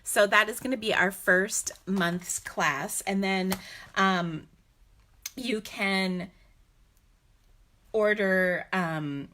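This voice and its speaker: A woman's voice: mid-range voice, very slow, pauses often, bright, forceful tone, a little hiss or hum. A woman hosting a live card-making stream, talking in a chatty, rambling way with many fillers. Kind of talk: casual live-stream talk.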